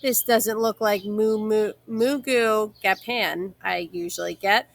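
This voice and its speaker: A woman's voice: medium pitch, steady tone, slow, creaky. A woman reading aloud and voicing a stubborn, grumpy old grandfather who complains bluntly, close to her own voice. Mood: grumbling.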